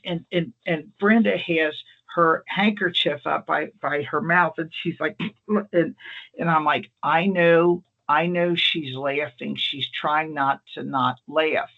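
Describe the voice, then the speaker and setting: Male ER nurse, casual storyteller, gravelly voice, dull lo-fi meeting audio. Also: a little high, slow pace. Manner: animated anecdotal delivery, acts out quoted people. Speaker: emergency nurse presenter.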